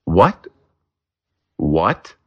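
A man voicing a nervous, indignant male detective who shouts in a high, strained voice. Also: sing-song, extremely slow, muffled recording, full character voice.

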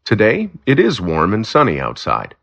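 A man narrating a simple graded story for language learners, slow and clear. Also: lowish voice, wildly swooping pitch, a bit bright, muffled recording.

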